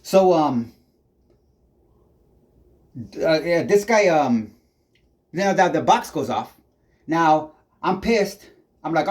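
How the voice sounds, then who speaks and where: A man's voice: fairly high pitch, expressive, slow, pauses often. Agitated, foul-mouthed man ranting. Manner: heavy swearing, agitated and rambling. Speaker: tenant filming a neighbor. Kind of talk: angry ranting vlog. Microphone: handheld camera.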